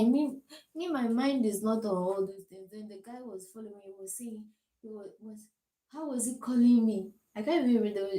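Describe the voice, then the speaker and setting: A young Ghanaian woman with a Ghanaian accent, telling stories to camera in a chatty, animated way and laughing between remarks. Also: mid-range voice. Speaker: vlogger. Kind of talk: casual storytelling to camera. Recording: echoey room.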